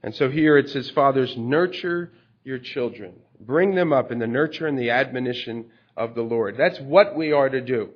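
A man's voice: mid-range voice, moderate pace. Conversational male preacher, lo-fi recording. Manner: conversational, explains scripture with everyday stories. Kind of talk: sermon. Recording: dull lo-fi recording.

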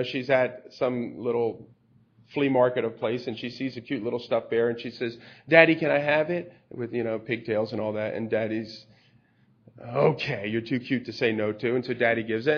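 A man preaching a sermon in a conversational way, explaining scripture through everyday stories. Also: a little high. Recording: dull lo-fi recording.

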